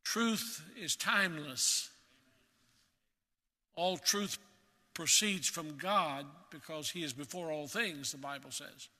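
Bright-voiced man preaching in a reverberant hall. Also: a little high. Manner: earnest, emphatic, slows to stress key words. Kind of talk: sermon.

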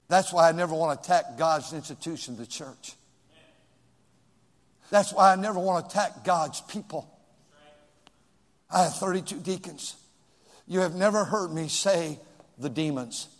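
A pastor preaches in a church sanctuary, his voice sitting high for a man. He repeats phrases for emphasis and swings between shouted peaks and hushed lines. Long reverb trails after his words in the hall. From California. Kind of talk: sermon.

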